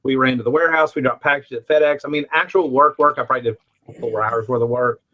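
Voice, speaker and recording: Talking fast in a mid-range voice, this middle-aged Alabaman joins a podcast panel for casual chat, telling meandering, self-deprecating tales. The audio is dull.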